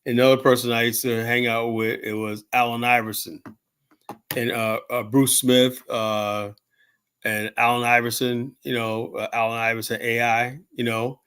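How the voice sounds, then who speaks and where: A man's voice: mid-range voice, level tone, moderate pace, fairly bright tone, clean tone. A man in his fifties telling rambling stories in casual talk, swearing freely and full of fillers and restarts. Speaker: show host telling stories.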